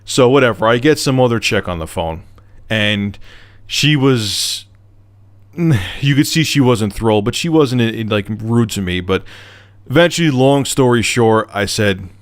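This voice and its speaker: Vlogger, male, exasperated and cussing, mid-pitched, storytelling rant. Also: animated, unhurried, no room sound. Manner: heated, profane, exasperated. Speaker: video blogger. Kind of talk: angry storytelling rant to camera.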